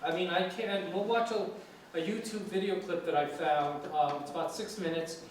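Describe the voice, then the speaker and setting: A New York City man with a high voice, speaking at normal speed, is a guest lecturer on English giving an informal classroom talk. He's relaxed and chatty, with many fillers and restarts, captured from afar in an echoey room with faint hiss.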